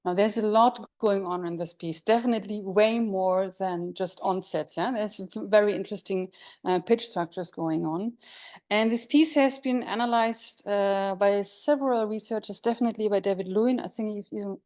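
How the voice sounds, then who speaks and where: A woman's voice: mid-range voice, moderate pace, darkish tone. A woman lecturer giving an academic conference talk, explaining step by step with frequent fillers and self-corrections and asking the audience questions.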